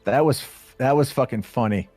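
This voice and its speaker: A man's voice: mid-range voice, normal speed, darkish tone, faint music behind. A man calling in to a live stream for casual chat, rambling with restarts and swearing casually. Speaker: caller.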